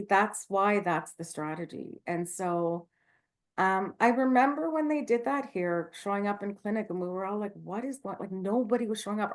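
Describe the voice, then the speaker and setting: Woman midwife, candid, passionate, filler-heavy, video-call talk. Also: mid-range voice. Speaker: guest speaker, midwife. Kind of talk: online talk Q&A, casual.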